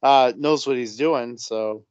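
A man's voice: medium pitch, takes it slowly, a little mellow, clean tone, no room sound, lo-fi sound. A man joining a podcast chat about a film, speaking in a hesitant, thoughtful way. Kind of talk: casual chat.

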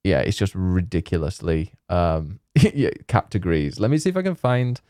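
A man with a lowish, mellow voice chatting casually as co-host. He rambles, trails off and fills gaps with "uh" and "like." The sound is close and dry. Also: animated, normal speed, dry recording. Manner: rambling, laughs often, many fillers. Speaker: podcast co-host. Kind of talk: casual chat.

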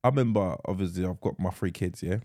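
A man in his thirties co-hosting a casual podcast chat, animated, swearing freely and repeating himself. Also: sits low, fast talker. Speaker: podcast co-host.

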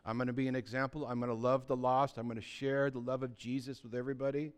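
A man preaching a sermon as pastor, talking conversationally and building to loud, emphatic peaks, often acting out what people say. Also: medium pitch, level tone, fast talker, clean tone. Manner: acts out quoted voices of believers.

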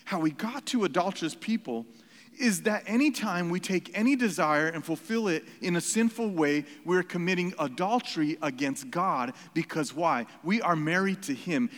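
A man's voice: on the high side, fairly bright tone. A man preaching a sermon as pastor, earnest and emphatic, repeating phrases and stopping for asides. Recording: reverberant hall.

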